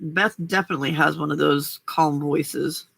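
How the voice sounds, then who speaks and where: A woman's voice: low-pitched, steady tone, normal speed, vocal fry, a bit bright, husky, dry recording. An older woman hosting a casual late-night crafting livestream, chatting and laughing often as she answers viewers' comments. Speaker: livestream host.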